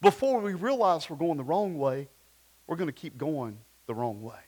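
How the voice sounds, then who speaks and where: A male pastor delivers a church sermon in an easy, talky style. His voice sits a little on the high side for a man, and he keeps tossing rhetorical questions at the congregation. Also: expressive, moderate pace, darkish tone. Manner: conversational preaching with rhetorical questions and personal stories. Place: church service.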